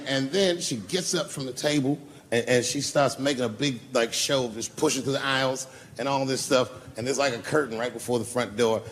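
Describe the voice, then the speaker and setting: A man's voice: a little high, creaky, a little hiss or hum. A man doing a live stand-up set, telling profane stories with a laid-back delivery on stage before an audience. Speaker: stand-up comedian.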